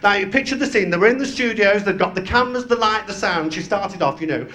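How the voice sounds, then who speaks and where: A man's voice: high-pitched, animated, quick pace. A man performing as a drag compere, telling crude, gossipy stories in brash live stand-up patter on a club stage. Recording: roomy live venue with loud music.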